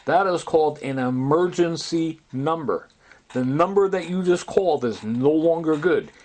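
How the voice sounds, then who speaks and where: A man's voice: a little high, moderate pace, darkish tone. A man telling a long, rambling story in an agitated way, often quoting other people's words. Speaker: storyteller recounting personal grievances. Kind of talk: rambling recorded monologue.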